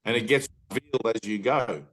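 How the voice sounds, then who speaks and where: A middle-aged spiritual teacher leads an informal talk with his students in a medium-pitched, fairly bright voice at a fairly quick clip. He is emphatic and blunt, swears now and then, and acts out inner voices.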